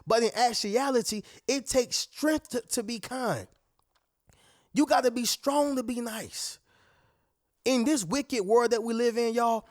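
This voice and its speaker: A man hosts a motivational video in a studio-quality recording with no echo, speaking to camera. He comes across as emphatic and preachy, refers to viewers as "y'all" and "family," and often acts out others' lines in a higher voice.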